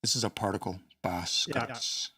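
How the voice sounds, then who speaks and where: A man's voice: lowish voice, expressive, normal speed, a bit bright, no room sound, clean studio sound, recorded from a distance. A man hosting a casual study session, thinking aloud with hesitant restarts and small chuckles. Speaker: host studying a language.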